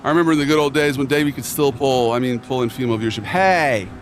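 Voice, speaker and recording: A young man talks loosely to his live chat, piling on slang and circling back on himself. His voice sits in an ordinary middle pitch. Faint car and street noise runs under him outdoors. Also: quick pace. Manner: rambling, slangy, reads chat aloud. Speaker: streamer. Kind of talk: casual live-stream chat.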